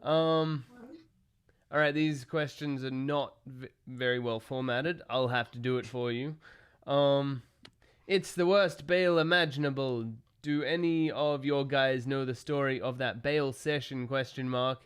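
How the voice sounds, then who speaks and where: A man's voice: mid-range voice, steady tone, unhurried, smooth. A man co-hosting a podcast, reading listener questions aloud in casual chat and swearing now and then.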